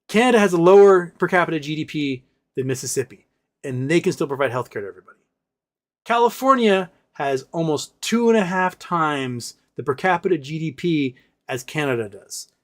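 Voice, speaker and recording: Man in his forties, American, livestream host, ranting, sarcastic, somewhat high-pitched. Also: lively intonation, a little fast. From United States. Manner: ranting, sarcastic, reads chat questions aloud. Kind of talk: casual livestream commentary.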